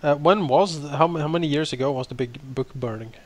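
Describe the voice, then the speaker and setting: A man's voice: on the high side, fairly quick. Hesitant player describing his character. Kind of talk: tabletop game play.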